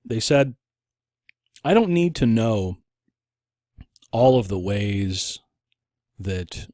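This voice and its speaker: A man's voice: lowish voice, very slow, no room sound. A male podcast host talking in a loose monologue. His voice swings up and down a lot as he makes his points, and he often restarts mid-sentence. The sound is dry and close, with no room around it. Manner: animated, with frequent restarts and acted-out quotes. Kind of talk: casual opinion podcast monologue.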